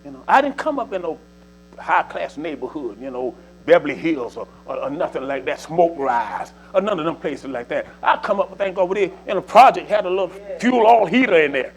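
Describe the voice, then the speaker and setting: Lively high-voiced older preacher. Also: male voice, fairly quick, a little hiss or hum, rough recording. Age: 70s. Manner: folksy, repetitive, exhorting with 'see' and 'you know'. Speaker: church speaker. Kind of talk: preaching exhortation.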